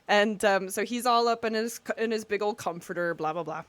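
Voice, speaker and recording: A woman's voice: mid-range voice, a little fast. A woman co-hosting a podcast, telling stories in casual chat and laughing often as she talks. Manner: laughing storyteller, animated and expressive. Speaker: podcast co-host.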